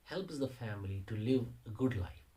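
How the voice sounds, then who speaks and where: A man's voice: lowish voice, animated, moderate pace, dark tone, poor audio. A man, a teacher explaining a poem in a lesson, restating lines and rephrasing phrases as he goes. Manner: repeats and rephrases phrases while searching for words. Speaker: English teacher.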